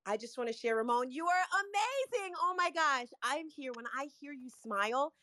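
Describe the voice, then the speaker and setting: Effusive woman with a bright, high voice. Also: expressive, normal speed, dry recording, clean studio sound. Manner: effusive, gushing. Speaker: trainer.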